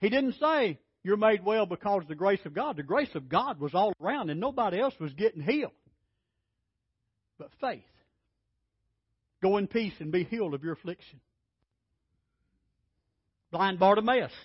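High-voiced emphatic preacher man. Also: animated, normal speed, long pauses, slightly rough, no room sound. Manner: emphatic preaching, acts out scripture quotes with rising voice. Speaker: pastor. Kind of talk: sermon. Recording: dry, dull low-fidelity sound.

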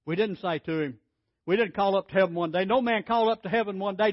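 High-voiced emphatic preacher man. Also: quick pace, no echo. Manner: emphatic preaching, acts out scripture quotes with rising voice. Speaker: pastor. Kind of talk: sermon. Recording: dry, dull low-fidelity sound.

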